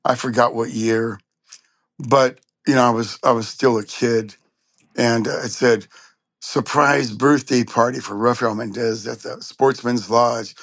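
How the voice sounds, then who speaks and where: Animated storytelling man, dry sound. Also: medium pitch, a little slow, no room sound. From Southern California. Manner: animated storyteller, acts out quotes. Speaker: trumpet player guest. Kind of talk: storytelling interview.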